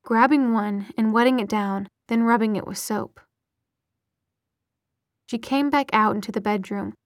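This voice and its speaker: A woman narrating a romance novel in a soft, breathy whisper. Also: fairly high pitch, measured pace, no echo, clean studio sound.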